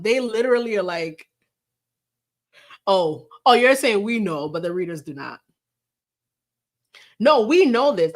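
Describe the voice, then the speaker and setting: Sarcastic woman streamer mocking celebrity news. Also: medium pitch. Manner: sarcastic, incredulous, laughing often; reads article aloud mockingly. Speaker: livestream host. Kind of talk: casual commentary on celebrity news. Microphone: live stream camera setup.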